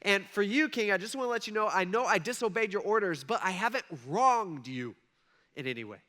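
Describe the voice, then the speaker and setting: A man's voice: high-pitched, expressive, a little fast, bright, forceful tone. A man doing a cheeky, upbeat Daniel. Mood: breezy. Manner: breezy, joking, modern slang. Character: cheeky, upbeat Daniel talking from the lions' den.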